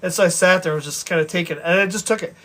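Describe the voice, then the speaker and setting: Male storyteller, high and quick, casual and animated, rambling with frequent restarts. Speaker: vlogger telling stories.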